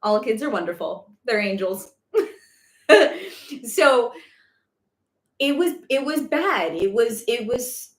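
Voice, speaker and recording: A woman hosting a casual live spiritual Q&A, chatty and rambling with lots of fillers. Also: medium pitch. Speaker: spiritual guidance host. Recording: echoey room.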